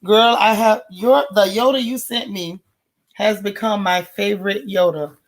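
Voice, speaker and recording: A woman's voice: mid-range voice, unhurried. A woman hosting a casual livestream, chatty and folksy, greeting each viewer by name with pet nicknames. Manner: folksy, relaxed slang. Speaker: livestream host. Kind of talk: casual live-chat stream.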